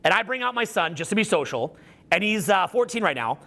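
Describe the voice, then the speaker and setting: Middle-aged male coach addressing a live audience, high bright voice, swears a lot and acts out the quotes. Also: fairly quick, vocal fry. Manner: animated, profane storytelling with acted-out quotes. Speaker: social skills coach. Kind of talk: live seminar talk.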